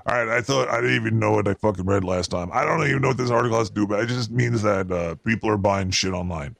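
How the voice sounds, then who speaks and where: A man's voice: fairly low pitch, fast, fairly bright tone, no room sound, heavily acted. A man voicing a paranoid, foul-mouthed male cartoon rat who hosts a show and rants crudely and with exasperation about the news. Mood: ranting. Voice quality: gravelly. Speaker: show host. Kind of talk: comedic news rant.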